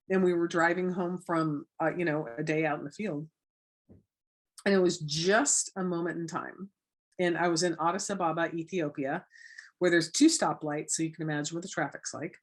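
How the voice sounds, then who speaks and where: A woman from Florida, a guest on a talk show, telling her story in a lively way and acting out the voices of the people she quotes. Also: lowish voice, moderate pace. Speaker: guest, anti-trafficking educator. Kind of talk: casual interview talk.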